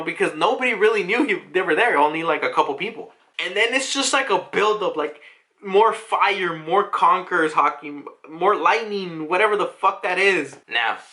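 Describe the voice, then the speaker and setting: A man's voice: a little high, pushed and bright. A young man casually recapping a manga chapter, rambling with lots of filler words and swearing freely. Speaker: manga reviewer.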